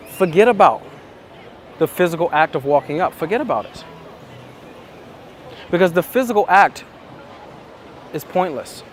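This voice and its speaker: Man, dating coach, reflective monologue, emphatic and repetitive, slightly high voice, faint street noise outdoors.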